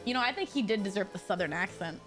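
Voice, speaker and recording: A woman streamer giving excitable, giggly commentary while playing a story game. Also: medium pitch, quick pace, soft background music. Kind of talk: game let's play commentary.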